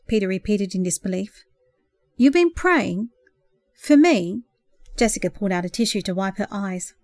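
A woman reading a novel aloud in a gentle, expressive storytelling voice, softly acting out the dialogue. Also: medium pitch, moderate pace, dry recording, clean studio sound. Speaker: audiobook narrator. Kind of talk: scripted narration.

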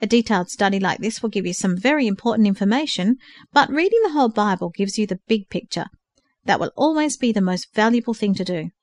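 A woman's voice: medium pitch, expressive, fast, no echo, natural voice. A woman reading the part of a patient older male mentor who carefully explains study books. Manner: careful explaining, gently instructive.

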